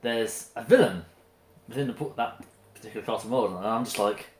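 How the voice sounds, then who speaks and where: A man's voice: lowish voice, brisk. A man co-hosting a casual mealtime chat, often stopping and restarting his phrases. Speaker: co-host. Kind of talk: casual chat over a meal. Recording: roomy echo with faint noise.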